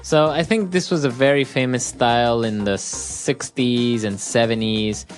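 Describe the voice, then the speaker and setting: A woman hosting an English lesson, who explains words in a relaxed, casual way. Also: a bass voice, a little slow, soft background music. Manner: relaxed, explaining, agreeing often. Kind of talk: casual teaching chat.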